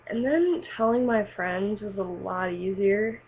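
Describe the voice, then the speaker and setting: A woman's voice: medium pitch, a little slow. A teenage girl telling a personal story in a casual, rambling way, full of fillers and likes. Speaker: vlogger. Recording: tinny lo-fi webcam audio with faint hiss.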